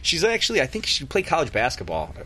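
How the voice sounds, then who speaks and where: A man's voice: fairly high pitch, huge pitch swings, fast, bright, forceful tone, slightly rough. A man telling long rambling stories in casual chat on a podcast. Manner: rambling storyteller, laughs at own stories.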